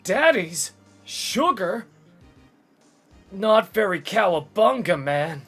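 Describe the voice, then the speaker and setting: A man voicing an excitable young male surfer dude who talks in drawling bro slang, in a game read-along. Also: high-pitched, slow pace, slightly rough, faint music behind, pitched above the performer's own voice, exaggerated voice. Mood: indignant.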